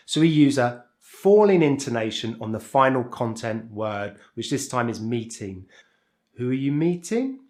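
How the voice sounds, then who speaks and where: This is a man with a British accent giving an online pronunciation lesson. His pitch sits in the middle but moves a lot, rising and falling with plenty of life. He explains clearly and deliberately, leaning into each intonation pattern. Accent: British English. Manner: clear, deliberate explaining with exaggerated rises and falls. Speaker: English pronunciation teacher.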